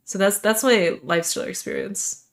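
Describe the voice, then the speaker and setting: Chatty young woman streamer, rambling and self-deprecating, mid pitch, casual stream talk. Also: moderate pace, creaky.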